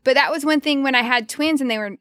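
High-voiced woman, playful podcast co-host. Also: fast, a bit bright, dry recording, clean studio sound. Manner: playful, laughs easily, teasing reactions. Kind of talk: casual chat.

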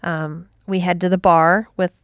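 A woman's voice: on the low side, level tone, measured pace, no room sound, clean studio sound. A woman co-hosting a podcast, recapping scenes in a chatty way. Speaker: podcast co-host. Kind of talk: casual chat.

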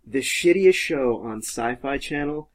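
A man's voice: medium pitch, lively intonation, measured pace. A man hosting a casual podcast chat, rambling and laughing often, with casual swearing. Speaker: podcast host.

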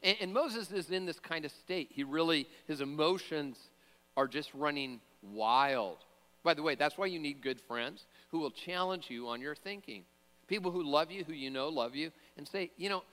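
Bright-voiced pastor preaching in a reverberant hall. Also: male voice, a little high, moderate pace. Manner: conversational, joking asides, frequent fillers and restarts. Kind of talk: sermon.

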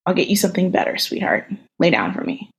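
A woman reading the lines of a gentle, doting boyfriend who is a soldier, in a soft, tender manner. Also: lowish voice, very animated, quick pace, husky, exaggerated voice.

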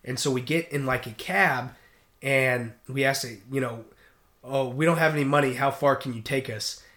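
Animated storytelling man. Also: mid-range voice, moderate pace. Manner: animated, acts out voices in anecdotes. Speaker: podcast guest, mariner. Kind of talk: casual storytelling.

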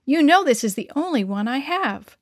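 Earnest, pleading little schoolgirl voiced by a woman reader, fairly high voice, dry sound. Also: big pitch swings, normal speed, dry recording. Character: earnest poor young schoolgirl.

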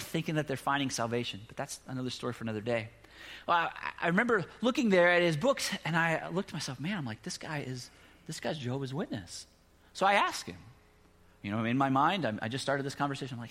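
A middle-aged man preaching a sermon, telling a personal story with animated, rising emphasis and closing in a soft prayer. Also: mid-range voice. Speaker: pastor.

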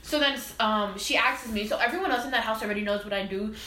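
A young woman co-hosting a casual podcast, telling a lively story and acting out what each person said. Her voice is bright and sharp and sits fairly high. The room sounds echoey. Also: fast talker. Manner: lively storyteller, acts out quotes. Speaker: podcast co-host.

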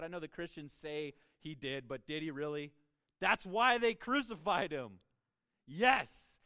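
Male pastor, higher pitch, dry close sound; emphatic sermon with repeated starts. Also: bright, forceful tone, no room sound. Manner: emphatic, repeats words when starting a thought.

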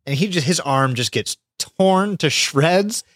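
A man co-hosting a podcast, retelling an episode with lots of swearing and squeaky voiced impressions of the characters. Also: expressive, slow pace, a bit bright, dry recording, clean studio sound. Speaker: podcast co-host. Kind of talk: casual podcast recap.

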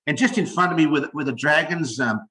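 An older Australian man chatting casually about rugby league, telling stories in an animated way and repeating words as he goes. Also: fairly high pitch, fast talker, reverberant. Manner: animated storytelling, repeats words when excited. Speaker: podcast co-host, former rugby league player. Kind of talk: casual sports chat.

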